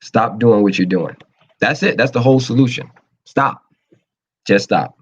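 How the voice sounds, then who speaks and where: A man hosting a casual advice talk show, animated and acting out quoted voices as he talks. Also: mid-range voice, a little slow, slightly rough, lo-fi sound. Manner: animated, acts out quoted voices, laughs often.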